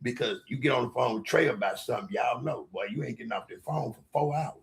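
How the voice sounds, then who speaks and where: A man telling stories in a loud, excitable podcast chat, acting out other people's lines. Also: medium pitch, fast talker, vocal fry. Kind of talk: animated storytelling chat.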